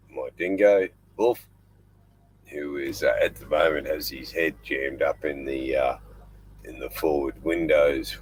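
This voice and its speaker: A man's voice: very deep voice, slight background noise, poor audio. An older Australian man hosting a casual live stream from inside his small boat at night, rambling and chatting in between fussing over his dog. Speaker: livestream host.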